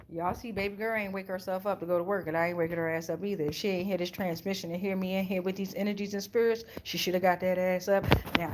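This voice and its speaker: A woman's voice: medium pitch, a bit bright. Laid-back, profane woman streamer. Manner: loose, profane, laughing, street slang. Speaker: tarot livestream host. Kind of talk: casual livestream chat reading comments.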